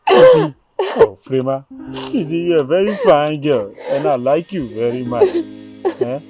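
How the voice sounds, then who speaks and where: A man's voice: on the high side, big pitch swings. A man playing a fawning, coaxing teacher. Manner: coaxing, drawn-out, tag "eh" on lines. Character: fawning male teacher coaxing a crying schoolgirl. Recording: music bed behind the voice.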